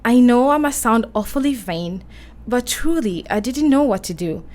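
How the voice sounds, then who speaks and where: A woman's voice: on the high side, expressive, moderate pace, darkish tone, natural voice. A woman playing a flustered young English lady. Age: young adult. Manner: breathless, emotional, girlish. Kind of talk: radio play acting.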